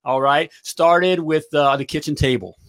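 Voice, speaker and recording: Hosting a livestream, a middle-aged business coach fires up his audience and keeps asking "all right?" His voice leans high, but he keeps a measured pace.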